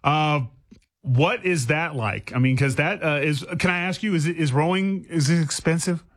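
A man's voice: fairly high pitch, normal speed. A man hosting a radio interview, chatty and joking, stumbling a little as he works into his questions. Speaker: radio host.

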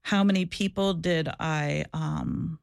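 With a low, gravelly voice, a former social worker takes her time answering interview questions candidly, earnestly, and reflectively, often restarting and repeating herself. The recording is dry and clean, studio quality.

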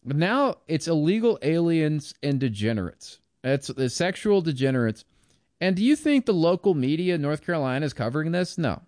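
A man's voice: on the high side, big pitch swings, normal speed, darkish tone, no echo, clean studio sound. A man giving a blunt, scornful, rambling political commentary monologue.

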